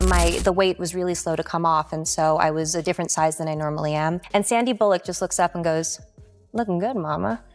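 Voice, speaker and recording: A woman on a talk show casually telling funny stories, animated and quoting others in playful voices. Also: lowish voice, fast, few pauses, music in the background. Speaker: actress talk-show guest.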